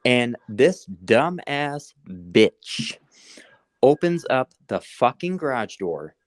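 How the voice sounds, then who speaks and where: A man's voice: mid-range voice, sing-song, slow pace, no room sound, clean studio sound. A man co-hosting a casual podcast, telling a heated story full of swearing. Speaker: podcast co-host. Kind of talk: casual chat.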